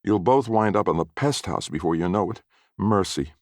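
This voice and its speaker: A man with a very deep voice voicing a prim, disapproving neighbor woman who scolds, in a read story. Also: expressive, normal speed, no room sound, clean studio sound. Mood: scolding.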